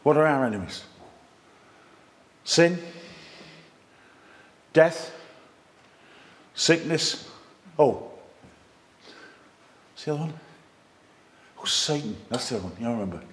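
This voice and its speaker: A man preaching a sermon, lively and conversational with jokey asides, reading scripture aloud with strong emphasis. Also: medium pitch, takes it slowly, pauses often.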